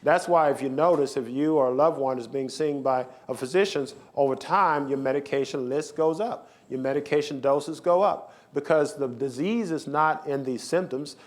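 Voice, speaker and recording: A man's voice: on the high side, moderate pace, hardly any pauses. Emphatic male doctor lecturing. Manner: emphatic, repetitive, rhetorical lecturing. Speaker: physician giving a lecture. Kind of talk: health symposium lecture. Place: lecture hall with slides.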